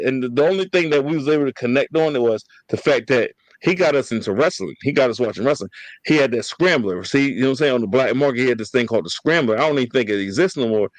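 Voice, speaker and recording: Animated, profane man telling stories. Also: mid-range voice, no room sound, poor audio. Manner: animated storytelling, slangy and profane. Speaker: podcast host. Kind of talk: casual family storytelling.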